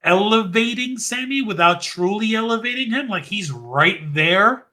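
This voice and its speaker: Here a podcast host recaps wrestling at a fast clip, his bright, somewhat high-pitched male voice full of animation in a relaxed, chatty format.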